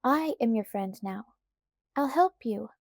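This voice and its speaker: A woman's voice: on the high side, expressive, slow pace, dry recording, clean studio sound, heavily acted. A woman voicing a bold, spirited colonial girl who speaks with confidence in a lightly raised voice. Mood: defiant.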